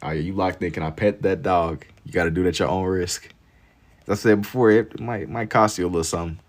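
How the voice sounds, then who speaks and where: A man's voice: low-pitched, steady tone, fast. A young man with a way of talking, drawing on a livestream and chatting easily with his viewers. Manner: laid-back, reads and answers chat while drawing. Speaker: livestream artist. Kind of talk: casual livestream chat.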